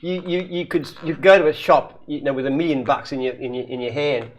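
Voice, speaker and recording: A man's voice: on the high side, steady tone, brisk, highs cut off. A man, a company founder, chatting casually in a live Q&A and telling jokes with frequent laughter. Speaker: company founder answering questions.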